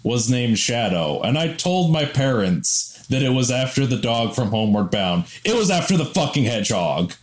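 A man's voice: mid-range voice, normal speed, few pauses. Young male co-host, casual and profane, eager fan energy. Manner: excited, profane, self-deprecating. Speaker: podcast co-host. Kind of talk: casual film chat.

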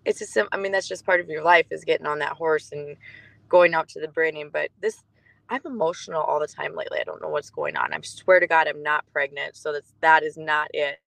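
A woman in her forties chats on a podcast in a gravelly, bright voice. She speaks haltingly and from the heart, pausing on fillers, and the recording is dry and close. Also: sits low, no room sound, poor audio. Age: 40s. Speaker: podcast co-host. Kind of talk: casual chat.

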